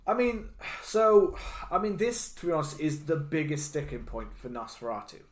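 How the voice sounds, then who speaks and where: A man's voice: fairly high pitch, sing-song, moderate pace, reverberant. A man co-hosting a podcast, talking through a film review in a rambling, self-interrupting way with frequent laughs. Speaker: podcast co-host. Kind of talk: casual film review chat.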